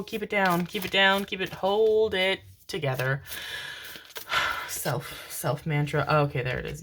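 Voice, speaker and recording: A woman's voice: on the low side, measured pace, a bit bright, a little hiss or hum. A woman giving a casual tarot reading to camera, affectionate and chatty, swearing casually and laughing often. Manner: affectionate, constantly calls viewers "my loves" and "my babies". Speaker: tarot card reader.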